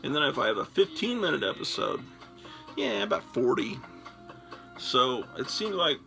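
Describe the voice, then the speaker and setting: A man's voice: mid-range voice, rough recording. An older man hosting a casual solo chat, rambling and self-deprecating as he sorts through things, recorded on a phone. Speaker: host. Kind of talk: casual solo chat while sorting comics. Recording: music clearly playing behind. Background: music.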